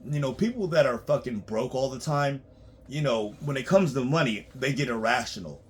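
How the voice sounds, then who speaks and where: A man working as a tax preparer, ranting bluntly and profanely in a monologue, swinging between loud outbursts and low muttering. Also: expressive, normal speed, slight background noise.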